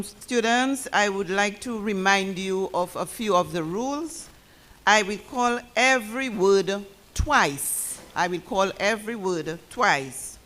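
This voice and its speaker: A woman calling out words at a school spelling bee, speaking deliberately and repeating each instruction clearly. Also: mid-range voice, fairly bright tone.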